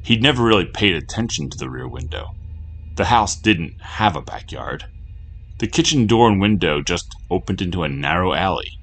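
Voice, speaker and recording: A man narrating a horror story in a low, measured, steady delivery. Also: creaky, a little hiss or hum.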